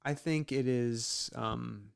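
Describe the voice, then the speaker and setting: A man's voice: medium pitch, takes it slowly, creaky, smooth, dry recording, clean studio sound. A man hosting a casual group podcast chat, earnest and hesitant with many ums. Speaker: podcast host.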